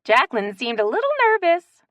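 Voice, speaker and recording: A woman voicing a giddy older woman who plays matchmaker, talking high and pleading. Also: very animated, brisk, fairly bright tone, dry recording. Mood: eager.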